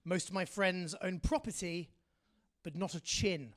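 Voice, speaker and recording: Self-mocking posh English comedian. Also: male voice, high-pitched, measured pace, background noise. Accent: English upper-class. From England. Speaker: stand-up comedian. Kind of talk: stand-up comedy set. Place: comedy club stage.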